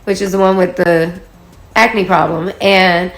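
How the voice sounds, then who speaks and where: A woman's voice: on the low side, flat delivery, unhurried, soft background music. A woman in her forties telling a personal story in a casual, chatty way, acting out the quoted dialogue. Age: 40s. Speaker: storyteller in a social media video. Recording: echoey room.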